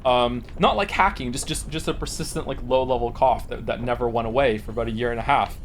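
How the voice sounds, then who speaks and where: A man's voice: mid-range voice, fast, a little hiss or hum. Rambling, profane man in his forties. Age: 40s. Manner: rambling, profane storytelling with many restarts. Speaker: streamer. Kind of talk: casual chat.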